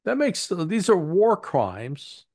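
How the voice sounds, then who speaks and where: A man's voice: high voice, wildly swooping pitch, slow pace, darkish tone, no room sound, studio quality. A man being interviewed as an analyst, speaking bluntly with a rambling, self-correcting flow. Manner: rambling, frequent restarts and fillers, blunt. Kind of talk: casual spoken commentary.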